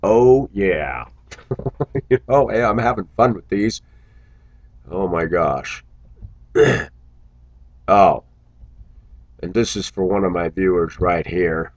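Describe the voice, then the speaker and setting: A man's voice: low-pitched, slow pace, long pauses, highs cut off. A man talking to his viewers in a casual vlog monologue, musing aloud and breaking into exclamations. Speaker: vlogger.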